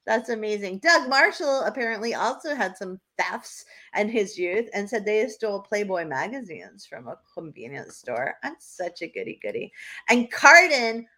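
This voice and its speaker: Woman co-host from New Hampshire, mid-pitched, lively casual storyteller. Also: moderate pace. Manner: lively storyteller who laughs often. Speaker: podcast co-host. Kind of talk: casual chat.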